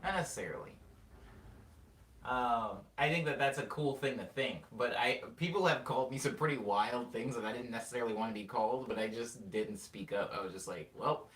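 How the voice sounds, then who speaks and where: A man's voice: medium pitch, fairly quick, few pauses, a bit bright. A young man hosting a casual livestream, reading chat aloud and telling rambling stories while laughing often. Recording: roomy, mic at a distance, faint noise.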